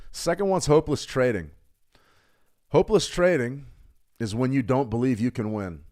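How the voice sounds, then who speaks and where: A middle-aged man coaching traders in a live workshop, blunt and emphatic, repeating points for stress. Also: fairly low pitch. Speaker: trading coach.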